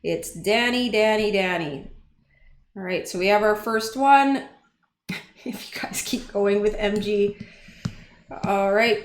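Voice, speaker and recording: A woman's voice: medium pitch, slow pace, long pauses. Chatty livestream host woman, echoey room. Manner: chatty, easily flustered, talks to chat. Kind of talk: casual livestream chat. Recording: echoey room with faint noise.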